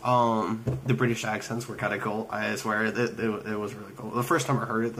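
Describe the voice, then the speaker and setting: A man's voice: fairly low pitch, level tone, brisk, hardly any pauses, fairly bright tone, slight background noise, low-quality recording. Rambling young man vlogging. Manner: rambling, hesitant, many fillers and restarts. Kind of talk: casual travel vlog chat. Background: background music.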